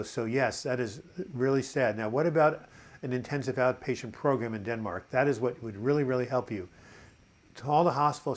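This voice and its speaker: A man in his seventies hosting a live chat, reading viewer comments aloud and answering them in a halting, encouraging way. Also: mid-range voice. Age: 70s. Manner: halting, frequent uh and repeated words.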